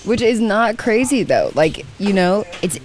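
Guest producer, male, relaxed and chatty. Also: high-pitched, measured pace. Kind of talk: casual chat.

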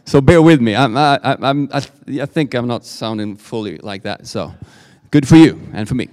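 Preaching live as a guest at a church service in a reverberant hall, a Swedish-accented man speaks in an expressive, darkish mid-range voice at a moderate pace. His informal talk is full of fillers and restarts.

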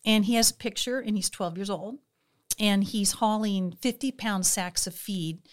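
A woman, a guest in a conversation, telling a story in a lively way and acting out the voices of the people in it. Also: medium pitch, moderate pace. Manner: animated, acts out quoted voices. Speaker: guest, inner healing minister.

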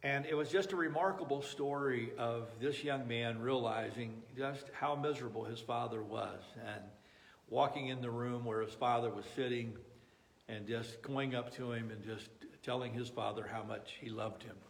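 A man's voice: mid-range voice, fairly even intonation, normal speed, vocal fry, slight background noise. Earnest man preaching a sermon. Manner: earnest, pleading, with frequent restarts. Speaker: pastor.

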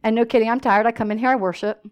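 High-voiced woman preaching animatedly. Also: racing, smooth. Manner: animated storytelling with call-and-response asides. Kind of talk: sermon.

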